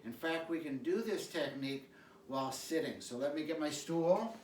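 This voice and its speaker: A man teaching qigong, calmly cueing stretches and breathing sounds with repeated prompts. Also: a little high, normal speed, slight background noise. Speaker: qigong instructor. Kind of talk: guided exercise instruction. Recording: echoey room, mic at a distance.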